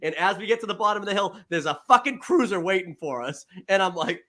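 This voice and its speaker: Man, slightly high voice, profane, laughing storyteller, casual podcast chat. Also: lively intonation, fast, few pauses, sharp tone. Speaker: podcast co-host.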